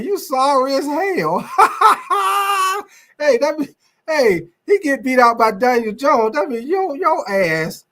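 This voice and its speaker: A man hosting a casual sports talk stream, rambling loosely and swearing while he talks to his viewers. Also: sits high. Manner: loose, rambling, profane, addresses viewers as y'all. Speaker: sports show host. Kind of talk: casual live sports talk, reacting to chat.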